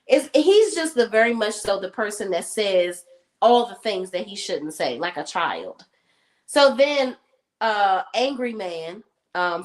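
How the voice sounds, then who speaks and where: A woman's voice: medium pitch, rough recording. A woman casually recapping a TV episode on a streamed talk show, telling it with profanity and acting out the characters' lines. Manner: animated storytelling, acts out characters' lines. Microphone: remote stream setup.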